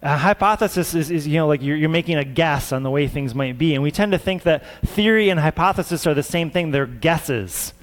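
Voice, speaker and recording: A man's voice: fairly high pitch, a little fast, hardly any pauses. A man preaching a sermon as a scientist, earnest and repeating words for emphasis.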